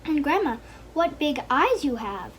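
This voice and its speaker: A woman's voice: high voice, very animated, unhurried, a little hiss or hum. A woman reading a polite, earnest little girl. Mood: wondering.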